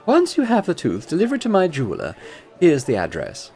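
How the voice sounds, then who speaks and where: A man's voice: a little high, wildly swooping pitch, a little fast, vocal fry, mellow, soft background music, pitched above the performer's own voice, heavily acted. A man voicing a posh, scheming woman crime boss in a haughty drawl, in a tabletop game. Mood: commanding.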